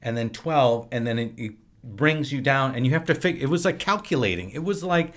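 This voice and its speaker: A man's voice: medium pitch, brisk. Chatty man telling long stories. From Wisconsin, USA. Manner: lively, rambling anecdotes. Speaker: podcast guest, filmmaker and actor. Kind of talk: casual storytelling.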